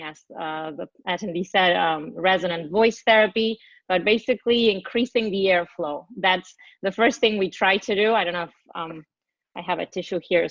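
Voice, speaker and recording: A woman's voice: fairly low pitch, fairly bright tone, no echo. Woman therapist explaining on a lo-fi call. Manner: explanatory, demonstrates voice sounds. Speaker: speech-language pathologist. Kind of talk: panel answer. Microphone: video call. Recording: dull lo-fi video call audio.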